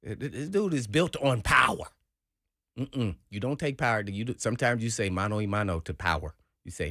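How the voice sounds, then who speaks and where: A man co-hosting sports talk radio, telling an animated story and acting out the quotes. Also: on the low side, a little fast, dry recording, clean studio sound. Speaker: sports radio co-host, former player.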